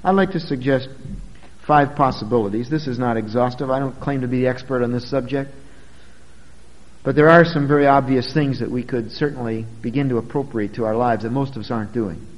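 A man's voice: medium pitch, a little fast, in a large hall, lo-fi sound. A pastor preaching a sermon, earnest and emphatic, speaking directly to his congregation.

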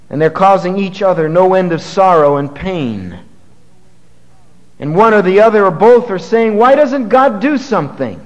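A man preaches a sermon in a slightly higher voice, reading scripture and pressing his points with rising force. His words carry a long reverb, as if spoken in a large hall. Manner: preaching with swelling emphasis, reading scripture aloud. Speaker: pastor.

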